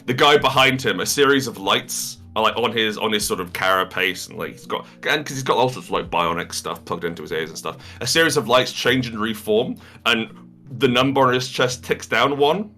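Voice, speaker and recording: A man's voice: lowish voice, fairly quick, bright, forceful tone, soft background music. A man narrating as game master, improvising with hesitant restarts and frequent laughter.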